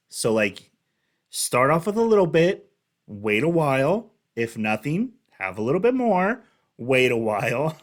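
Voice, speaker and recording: A man's voice: mid-range voice, big pitch swings, moderate pace. Young male reaction host, casual rambling chat, mid-range voice. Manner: rambling, chatty storytelling. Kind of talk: casual commentary.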